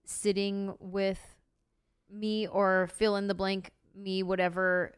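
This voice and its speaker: A woman's voice: mid-range voice, little pitch movement, takes it slowly, clear, resonant tone. A woman hosting a podcast, chatting casually and encouraging her guest. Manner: encouraging, affirming. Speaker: podcast host.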